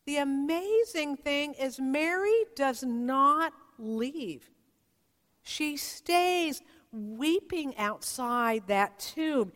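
A woman pastor preaching a sermon in a church, telling the story slowly and reflectively with dramatic pauses. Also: high-pitched, fairly bright tone. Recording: long reverb of a large hall.

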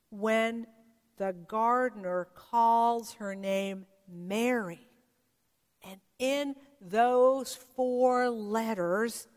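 A woman pastor preaching a sermon in a church, telling the story slowly and reflectively with dramatic pauses. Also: fairly high pitch, fairly bright tone. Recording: long reverb of a large hall.

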